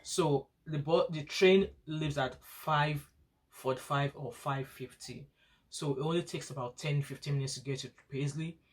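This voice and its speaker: A woman's voice: sits low, a little slow. Woman, casual vlog storytelling, student nurse, rambling, repeats and restarts phrases. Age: adult parent of school-age children. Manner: rambling, frequent restarts and repetition.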